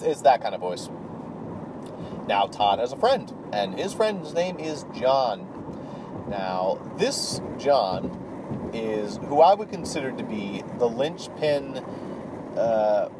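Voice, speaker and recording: A man's voice: medium pitch, background noise. A man casually recapping a role-play campaign as a channel host, talking offhand with many fillers and restarts.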